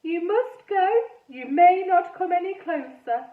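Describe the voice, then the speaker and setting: Lady putting on a high, slow french-accented ghost boy, stiff and solemn, storybook spook, echoey far-off sound. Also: lively intonation. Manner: slow, formal, high and drawn-out. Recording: echoey room, mic far off, dull sound.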